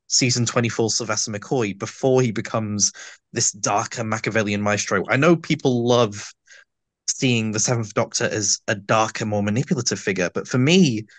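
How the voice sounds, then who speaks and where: A man's voice: lowish voice, moderate pace, dry recording. Man with a lisp, dry sound. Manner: long, detailed, flowing explanations. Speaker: audio drama actor, guest. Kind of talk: casual interview chat.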